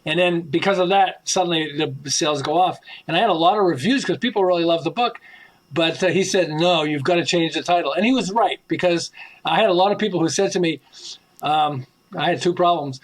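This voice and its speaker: A man with a high, light voice tells stories as a podcast guest. He is animated and slips into the voices of the people he quotes, often chuckling. The delivery is an author's conversational storytelling. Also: brisk, low-quality recording. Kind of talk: anecdotal interview storytelling.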